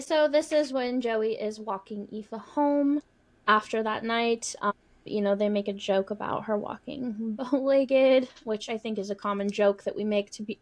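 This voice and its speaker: Wry, relaxed woman podcast host. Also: a little high. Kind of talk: casual book-club chat and recapping.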